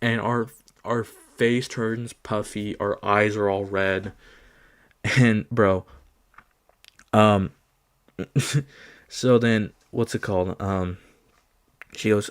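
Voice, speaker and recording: Young man, low voice, slow unhurried delivery; casual storytime, chuckles through it. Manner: laughs often while telling, acts out quoted lines.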